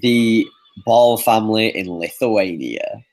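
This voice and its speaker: A man's voice: fairly low pitch, slow, darkish tone. A man co-hosting a podcast, laid back, asking questions and laughing along in casual chat. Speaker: podcast co-host.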